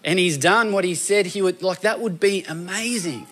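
A man preaching a sermon in a conversational, animated storytelling way, often acting out voices. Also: high voice, moderate pace, breathy edge.

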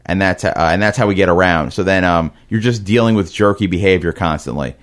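A man with a Brooklyn-Queens New York accent, chatting casually as a comedian guest, halting and hesitant with many fillers. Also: sits low. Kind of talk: casual chat.

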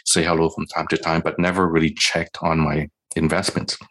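A man's voice: a bass voice, level tone, a little fast, fairly bright tone. A man in his forties, a physician and podcast guest, telling a candid, self-deprecating story in a casual interview and acting out the voices of the people in it. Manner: candid, self-deprecating, acts out quoted dialogue.

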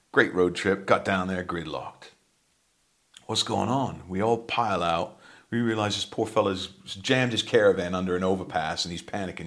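A man, a musician, telling rambling anecdotes in casual chat, with plenty of ums. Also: low-pitched. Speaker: musician guest.

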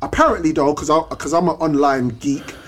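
A man hosting a podcast in casual chat, telling stories in slangy, animated talk. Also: a little high, fairly quick, slight background noise. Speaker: podcast host.

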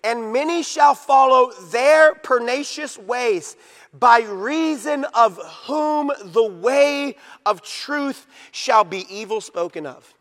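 A man preaching a sermon with fervent emphasis, swinging between loud declarations and low, drawn-out phrases. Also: big-room sound.

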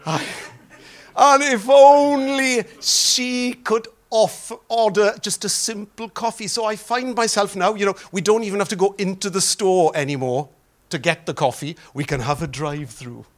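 A middle-aged Welsh-accented pastor with a high-pitched voice preaches a sermon at normal speed. He tells humorous stories, swinging between loud exclamations and soft prayer.

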